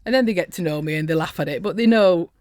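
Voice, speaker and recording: Blunt middle-aged woman, soft Lancashire accent. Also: lowish voice, fast talker, no echo, studio quality. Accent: softened Lancashire. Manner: blunt, bolshie and earthy. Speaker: podcast guest, construction safety professional. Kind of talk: casual interview chat.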